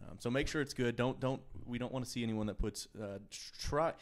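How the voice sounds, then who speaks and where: A man's voice: mid-range voice, brisk. A man co-hosting a podcast, rambling through a story in casual banter with lots of restarts. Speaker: podcast co-host.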